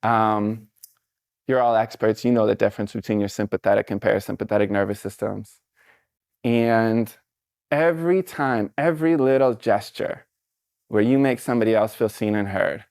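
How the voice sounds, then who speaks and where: A middle-aged man giving a casual, conversational motivational talk from a stage to a live audience, encouraging and relaxed, with frequent fillers. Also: fairly low pitch, normal speed, vocal fry, dry recording, clean studio sound.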